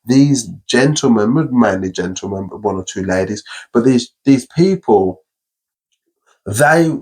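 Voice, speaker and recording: A man's voice: medium pitch, lively intonation, measured pace, a little mellow, slightly rough. A young man hosting a podcast, talking earnestly and upbeat in casual conversation, often running through long lists. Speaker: podcast host.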